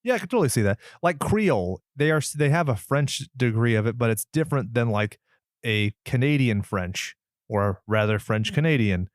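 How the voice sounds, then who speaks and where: A man hosting a horror movie podcast in casual, joking banter, sarcastic and quick to swear. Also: mid-range voice, expressive, dry recording, studio quality. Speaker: podcast host.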